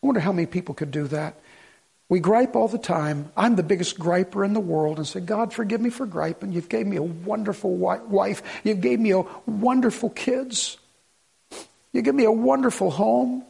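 Gravelly-voiced preacher, earnest and urging. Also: male voice, high-pitched, moderate pace. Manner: earnest, swings from hushed prayer to urgent appeals. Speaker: pastor. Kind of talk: sermon.

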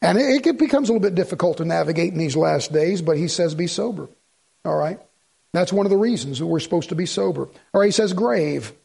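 Gravelly, husky high-voiced man preaching. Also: animated, fast talker, dark tone. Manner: folksy, rambling, joking asides to the congregation. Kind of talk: sermon. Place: church in front of a congregation.

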